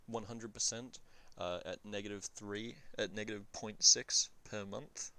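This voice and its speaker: Gravelly, bright-toned man thinking aloud. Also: lowish voice, steady tone, unhurried, no room sound. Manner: thinks aloud, self-correcting with frequent fillers. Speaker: strategy game reviewer. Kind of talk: casual screen-recorded game commentary.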